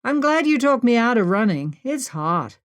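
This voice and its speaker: A woman voicing a lively young woman who talks brightly and eagerly. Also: fairly high pitch, moderate pace, voice pushed up. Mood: cheerful.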